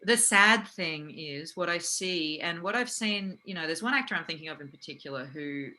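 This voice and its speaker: Woman, actress-coach, low bright voice, animated chat with lots of fillers. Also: normal speed, rough recording. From Australia. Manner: animated, laughs often, many fillers. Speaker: guest, actress and acting coach. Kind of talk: casual interview conversation.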